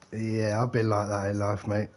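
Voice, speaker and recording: A man's voice: mid-range voice, dark tone. Forties man, gamer, chatty and swearing, frequent laughter. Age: 40s. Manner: rambling, laughs often, swears. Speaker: game streamer. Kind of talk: casual chat.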